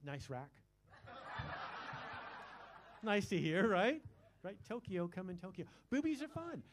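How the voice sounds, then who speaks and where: A man in his sixties doing a live stand-up set on a club stage, crude and self-mocking, with quick asides to the crowd. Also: high voice, big pitch swings, background noise. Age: 60s. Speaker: stand-up comedian.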